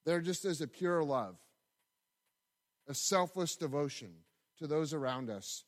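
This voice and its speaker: Male pastor, mid-high voice, chatty storytelling sermon delivery. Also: lively intonation, measured pace. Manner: conversational, storytelling with asides and repetitions.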